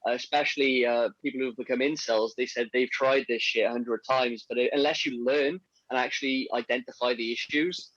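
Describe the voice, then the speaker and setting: A man's voice: mid-range voice, steady tone, a bit bright, no room sound. Candid young man, dry dull-sounding recording. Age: young adult. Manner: candid, laughs easily, talks quickly. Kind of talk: casual chat.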